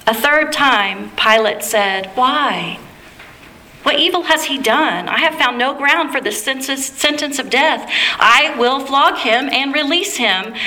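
A woman reads scripture aloud in a measured, reverent way, as a liturgical lesson. Her voice sits a little high and rings bright and clear. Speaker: scripture reader. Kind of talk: liturgical Bible reading.

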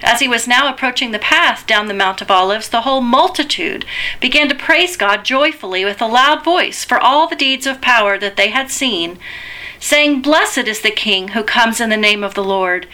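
Woman reading the bible slow and careful, kinda high, bright clear tone. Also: lively intonation. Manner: measured, deliberate reading. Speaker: scripture reader.

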